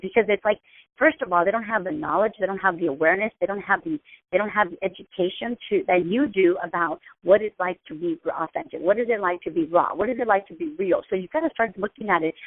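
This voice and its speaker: A woman host giving a casual, chatty motivational talk, often repeating herself. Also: medium pitch. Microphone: phone call. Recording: tinny phone-line sound.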